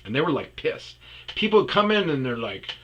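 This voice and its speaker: A man's voice: fairly high pitch, very animated, moderate pace, bright, forceful tone, breathy edge, low-quality recording. A man telling rambling, profane comedic stories about his past on a podcast. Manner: rambling, profane, slips into impressions. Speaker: podcast storyteller. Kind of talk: casual comedic storytelling.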